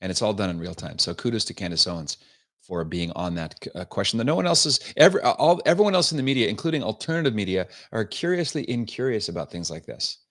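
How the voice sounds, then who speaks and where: Male livestream host, fairly low voice, scornful and sarcastic, opinionated political commentary, greets chat. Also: expressive, fast talker, fairly bright tone. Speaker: show host.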